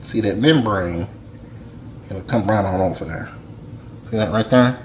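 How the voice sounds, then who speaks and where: A man giving a casual cooking demonstration in a home kitchen, with folksy, relaxed step-by-step instructions. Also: fairly low pitch, measured pace, slight background noise.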